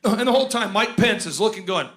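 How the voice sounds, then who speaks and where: A man hosting a conference, joking and rambling in animated comedic stage banter. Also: high voice, quick pace. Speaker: conference host.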